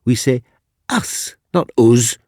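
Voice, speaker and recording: A man's voice: medium pitch, big pitch swings, measured pace, a little mellow, no room sound, studio quality, pitched above the performer's own voice. A man voicing a pompous, posh male schoolmaster who lectures and scolds in a haughty, clipped way. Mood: condescending.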